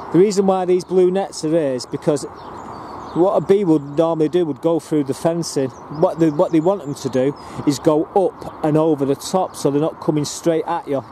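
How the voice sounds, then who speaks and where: A man's voice: on the high side, dark tone, a little hiss or hum. A man giving a rambling, casual walking tour of his allotments, full of ums and restarts, filmed outdoors on a handheld camera. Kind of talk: casual walk-and-talk commentary.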